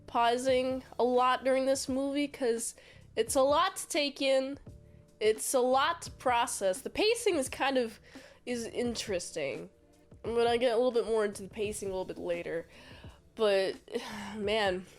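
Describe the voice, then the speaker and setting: A woman reviewing a movie in a casual, rambling, jokey recap with self-deprecating asides. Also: on the high side.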